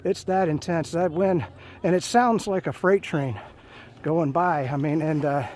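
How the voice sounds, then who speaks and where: A man's voice: a little high, measured pace, darkish tone, slight background noise. A man in his fifties telling his own Marine stories in a rambling, casual way, full of fillers and restarts, as he hikes along a trail. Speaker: Marine veteran storyteller. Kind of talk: casual spoken storytelling. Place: outdoors on a hiking trail. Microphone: phone held while walking.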